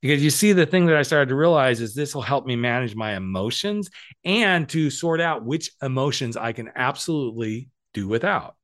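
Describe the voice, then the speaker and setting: A man's voice: medium pitch, lively intonation, moderate pace, a bit bright. Upbeat, cheeky middle-aged man. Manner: playful, upbeat, cheeky asides. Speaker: podcast host and coach. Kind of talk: casual motivational monologue.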